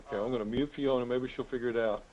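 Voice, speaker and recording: A man's voice: mid-range voice, fairly even intonation, very fast, darkish tone. A man hosts an online real estate coaching call, talking in a folksy, rambling, chatty way. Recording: tinny phone-like web call audio.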